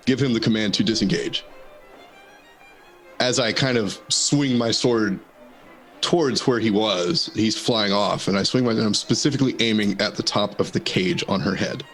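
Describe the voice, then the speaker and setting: Low-voiced tabletop player. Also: male voice, moderate pace, fairly bright tone, soft background music. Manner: easygoing, narrates own moves. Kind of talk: casual tabletop play.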